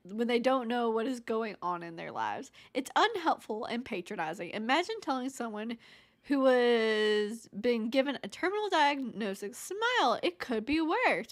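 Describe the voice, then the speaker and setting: A young woman streamer reading online stories aloud and chatting casually with her viewers. She is laid-back, swears freely and talks while eating snacks. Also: fairly high pitch.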